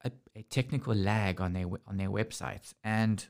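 A man's voice: lowish voice, moderate pace, creaky. A man hosting a casual podcast, ranting sarcastically and often restarting his sentences. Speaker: podcast host.

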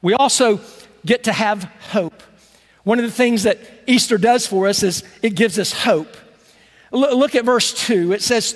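High-voiced pastor preaching in a reverberant church. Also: male voice. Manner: conversational, repeats words, slows down to stress phrases. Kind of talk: sermon. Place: church sanctuary.

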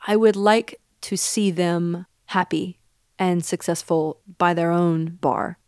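A woman in her thirties, a country singer from the Pacific Northwest with a Southern accent, speaks as an interview guest in a thoughtful, earnest, reflective way with frequent fillers. Her voice is on the low side, slow, flat, a little mellow, and clean-toned. The studio recording is clean, with no room sound.

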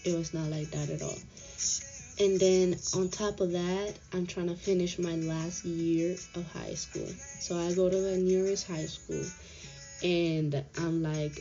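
Slow, dark-voiced young woman telling her story. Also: lowish voice, steady tone. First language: not English. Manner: candid, frustrated, slangy retelling. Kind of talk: personal storytelling. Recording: dull lo-fi audio with faint music.

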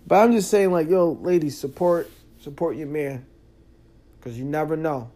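Man, young adult, podcast host, casual monologue, animated, fairly high voice. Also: normal speed. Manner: animated, talks straight to the listener, rising loud when worked up.

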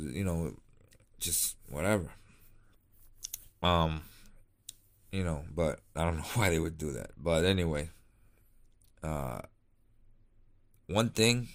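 A man's voice: low voice, slow, long pauses. A man chatting casually on his vlog, laid-back and rambling, tired and yawning late at night. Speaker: cigar vlogger. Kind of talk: casual chat.

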